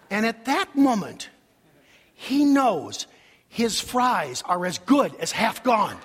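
Male pastor, husky, high-voiced, sermon in a reverberant church. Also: slow. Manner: animated preaching with acted-out quotes. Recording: long hall reverb.

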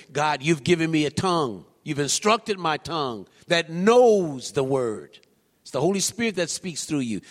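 A man preaching a sermon in a church, swinging from low murmurs to high, shouted calls. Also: in a large hall. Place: church sanctuary.

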